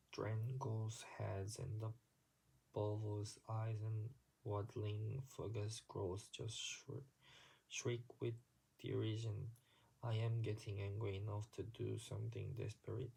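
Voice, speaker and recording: Gravelly, low-voiced man reading aloud. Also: mellow, poor audio. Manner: halting, with frequent slips and restarts. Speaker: reader. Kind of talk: amateur reading of a literary story.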